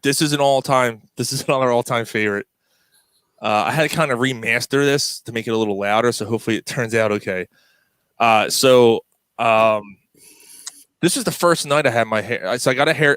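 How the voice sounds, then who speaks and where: A man's voice: fairly quick, clear, resonant tone, dry recording. A man hosting a podcast, telling a story in casual chat and acting out the quotes. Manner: animated, acts out quotes with pitch jumps. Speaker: podcast host.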